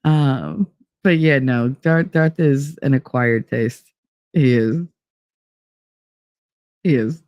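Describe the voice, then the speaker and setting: A middle-aged woman with a low voice chats casually on her podcast, telling a story. She gets animated, laughs often and jumps up in pitch when she quotes people. The sound is dry and close. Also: takes it slowly, pauses often, no echo. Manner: animated, laughing, quoting others in raised voices. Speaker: podcast host.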